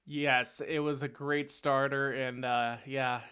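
Smooth-voiced man hosting a history chat. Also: medium pitch, little pitch movement, slow pace, bright, forceful tone. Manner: chatty, lots of fillers and hedges. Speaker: podcast host. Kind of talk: casual history podcast chat.

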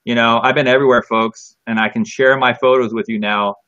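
A man's voice: medium pitch, brisk. A man hosting a live streaming show in casual, joking chat. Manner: jokey, lively, self-mocking. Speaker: livestream show host. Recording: dull lo-fi stream audio.

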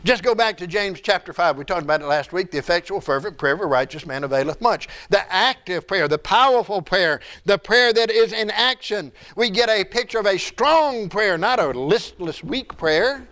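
A man's voice: high-pitched, animated, moderate pace, hardly any pauses, fairly bright tone. A middle-aged man preaching a sermon as pastor, building emphasis and adding asides to the congregation.

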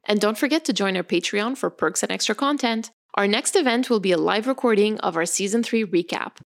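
Woman podcast host with gravelly fry. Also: medium pitch, a little fast. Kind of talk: casual podcast discussion.

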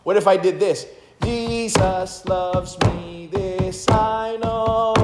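Man preaching, high voice, slow delivery, emphatic, sings hymn snippets, echoey room. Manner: emphatic, sings hymn lines to demonstrate rhythm. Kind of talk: sermon.

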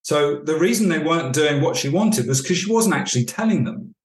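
A man's voice: a little high, animated, brisk. Man coaching, echoey room. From United Kingdom. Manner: storytelling, acts out dialogue. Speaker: leadership coach. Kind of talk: podcast interview answers.

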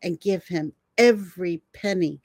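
An older woman telling her stories with animated, expressive energy, often breaking into laughter. Her voice sits on the lower side and sounds dry and close to the mic, with hardly any room sound. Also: unhurried, slightly rough, dry recording. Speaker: herbalist guest. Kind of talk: storytelling in a conversation.

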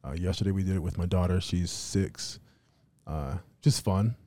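A man's voice: low-pitched, steady tone, normal speed, dark tone. A man in his thirties chatting casually on a podcast, laid-back and filling his talk with "dude" and "you know what I mean.".

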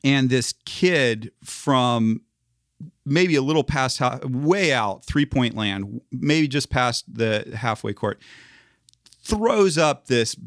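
A man tells a story on a podcast with plenty of energy, putting on the voices of the people he quotes and breaking into laughter. His voice sits at a middle pitch, and the recording is dry and close. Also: expressive, takes it slowly, dry recording. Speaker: podcast co-host, former news reporter. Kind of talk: casual storytelling chat.

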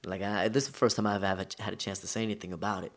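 A man from the United States, a guest in an interview, telling stories in a relaxed, slangy, conversational way. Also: fairly low pitch, racing. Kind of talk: casual storytelling interview.

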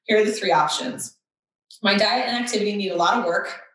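A woman's voice: medium pitch, a little fast, fairly bright tone. A woman host chatting casually and reading quiz questions aloud with sarcastic asides. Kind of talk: casual chat. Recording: echoey room, somewhat far from mic.

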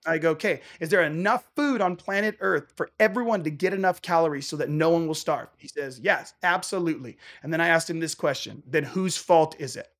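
Man, high voice, worship musician guest, passionate testimony, animated storytelling. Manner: animated, acts out dialogue in quick bursts.

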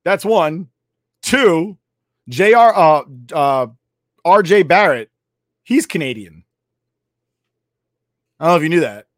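A man's voice: on the high side, expressive, takes it slowly, pauses often, dry recording, studio quality. A young man co-hosting a casual sports podcast, arguing in profane banter. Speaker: podcast co-host.

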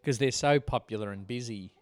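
A man with a mid-range voice talks briskly while watching a movie with a friend, tossing out wry jokes in casual commentary. There's no room sound on the recording.

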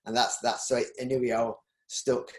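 A man's voice: medium pitch, little pitch movement, slow. A middle-aged man with a Yorkshire accent, talking as an interview guest in a loose, rambling way, often restarting his sentences. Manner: rambling, with frequent restarts and ums. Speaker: interview guest, business owner. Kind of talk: casual interview. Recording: roomy echo.

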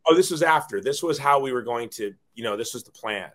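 A man's voice: medium pitch, lively intonation, brisk, fairly bright tone. A middle-aged man, a guest on an interview show, telling a personal story in an earnest, rambling way, often repeating words when moved.

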